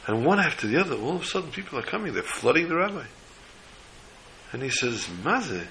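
Guy preaching a story, acts out the voices, gravelly and kinda bright. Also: on the high side, a little fast, long pauses, a little hiss or hum, poor audio. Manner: animated storyteller voicing characters. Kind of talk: sermon storytelling.

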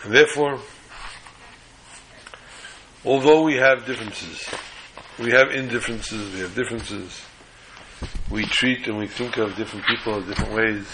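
A man teaching a sermon on the weekly Torah portion in a measured, halting way, often restarting phrases. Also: mid-range voice, steady tone, noisy background.

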